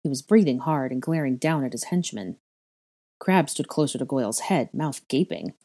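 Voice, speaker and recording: Low-voiced woman reading a story. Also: moderate pace. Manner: expressive storytelling. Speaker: narrator. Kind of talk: fan fiction reading.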